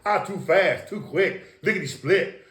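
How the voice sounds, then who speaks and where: A man's voice: high-pitched, a little slow. Boastful, profane man in an echoey room. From East Los Angeles, USA. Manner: profane, boastful, animated with sound effects. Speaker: interview guest. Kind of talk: casual storytelling. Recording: roomy echo.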